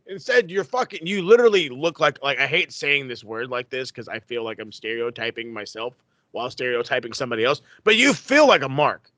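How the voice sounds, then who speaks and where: A man co-hosting a wrestling podcast in casual, profane chat, with animated rants. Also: medium pitch, a little fast, no echo. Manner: animated, profane, loud mocking impressions. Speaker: podcast co-host.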